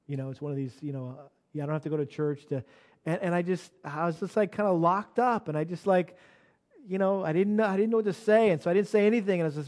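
A man with a high voice preaches to his congregation. He tells a personal story in a loose, halting way, full of restarts, then swells into emphatic urging. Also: a little mellow. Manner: storytelling, many restarts, rising to emphatic exhortation. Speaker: pastor. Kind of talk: sermon with personal anecdote.

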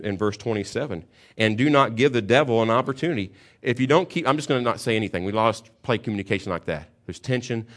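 A middle-aged man, a pastor, preaching a sermon and telling a story, going from calm teaching to loud bursts. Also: fairly low pitch.

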